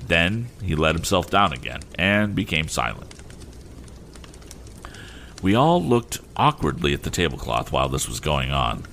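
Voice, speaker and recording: Deep male narrator reading an old novel, lively expressive delivery, slight hiss. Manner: measured, expressive storytelling. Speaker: audiobook narrator.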